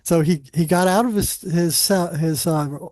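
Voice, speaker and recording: A man who worked as a psychologist on a psychiatric unit, telling animated anecdotes in a casual interview with lots of restarts. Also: fairly high pitch, a little slow, no room sound, clean studio sound.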